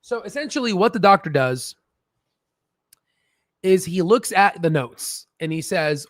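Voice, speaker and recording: A man's voice: high-pitched, big pitch swings, measured pace, long pauses, a bit bright, dry recording, clean studio sound. A man hosting a stock research channel, explaining in a rambling, profane, casual way and laughing at his own jokes, talking from a standing desk.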